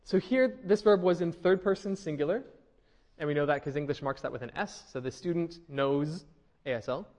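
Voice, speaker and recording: Male lecturer, higher voice, explanatory, checks in with students. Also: moderate pace, a little mellow. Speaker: linguistics lecturer. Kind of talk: classroom lecture.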